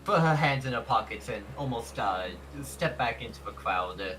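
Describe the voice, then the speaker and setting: A man playing a tabletop game, planning out loud with hesitant fillers. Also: medium pitch, lively intonation, moderate pace, a little hiss or hum, rough recording. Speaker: player. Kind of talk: casual tabletop play.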